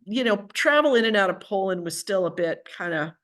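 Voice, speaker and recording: An older woman, an author, telling a personal story at home in a lively, chatty way and acting out what people said. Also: mid-range voice, a little fast. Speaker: author and guest speaker. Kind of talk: conversational storytelling talk.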